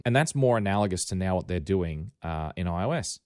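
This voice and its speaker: Deep-voiced Australian man, wry and rambling. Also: lively intonation, a little fast, a little mellow, no room sound, studio quality. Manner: rambling, wry, self-correcting. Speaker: podcast host. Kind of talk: casual tech podcast chat.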